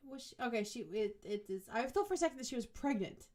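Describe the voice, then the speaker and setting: A woman's voice: a little high, expressive, darkish tone. A young woman reading a novel aloud with sarcastic, swearing comic commentary. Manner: sarcastic, quick asides, swears. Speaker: podcast co-host and reader.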